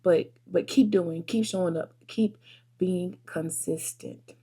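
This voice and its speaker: A woman talks heart-to-heart with her viewers from her desk, earnest and encouraging. Her voice sits a little low with a husky edge. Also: slow pace, mellow. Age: 30s. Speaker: vlogger and photographer. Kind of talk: casual desk chat to camera.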